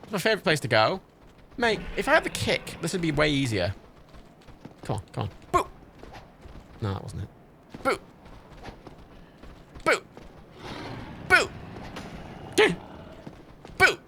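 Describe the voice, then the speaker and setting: Lively man chatting while gaming. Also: fairly high pitch, takes it slowly, vocal fry, long pauses, slight background noise. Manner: rambling, swearing, laughing storyteller. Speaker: livestream gamer. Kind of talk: casual gaming stream chat.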